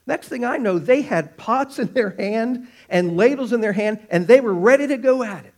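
A man preaching a sermon, animated, stretching out words for emphasis. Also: very high-pitched. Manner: animated, drawn-out emphatic phrases.

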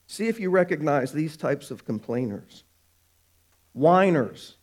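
A man preaching a sermon, animated, stretching out words for emphasis. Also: fairly high pitch. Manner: animated, drawn-out emphatic phrases.

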